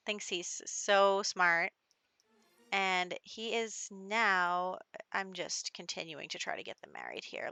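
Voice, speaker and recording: Bright-voiced chatty young woman. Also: mid-range voice, gravelly, no room sound. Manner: chatty, exasperated, rambling with fillers. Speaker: gaming channel host. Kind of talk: casual let's-play commentary.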